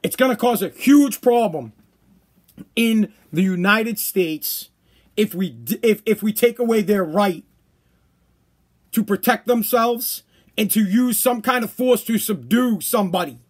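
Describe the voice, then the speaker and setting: A man's voice: high voice, lively intonation, measured pace. A man hosting a solo podcast, delivering a heated, profane monologue and acting out the people he quotes. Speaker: podcast host.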